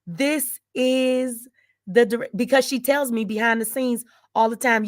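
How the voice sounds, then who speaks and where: A woman's voice: fairly high pitch, unhurried, dry recording, studio quality. A middle-aged woman hosting her own channel, speaking in an emotional, emphatic monologue full of repeated vows and declarations. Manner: emphatic, repetitive, vowing and declaring. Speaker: channel host. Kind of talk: emotional direct-to-camera monologue.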